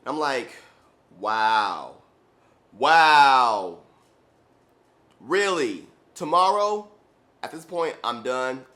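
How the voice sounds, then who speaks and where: A young man, a running shoe vlogger, telling a story in an animated, exasperated way, full of "like". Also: mid-range voice. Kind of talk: casual storytelling.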